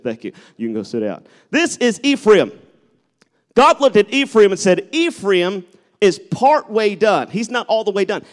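A man preaching a sermon, telling stories and rising into loud exhortation. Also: a little high. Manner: animated, shifts between storytelling and loud exhortation. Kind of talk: sermon with live object lesson.

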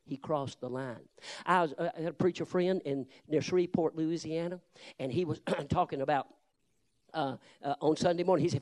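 A man preaching a Baptist sermon, telling folksy stories and moving from low, confiding tones to loud, shouted rebukes. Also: moderate pace. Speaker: Baptist pastor. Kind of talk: fiery storytelling sermon.

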